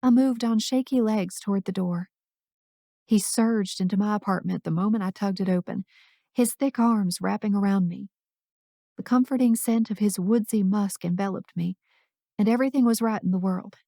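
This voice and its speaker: A woman's voice: medium pitch, moderate pace, warm tone, no echo, studio quality. A woman narrating a first-person romance audiobook in an intimate, emotional reading.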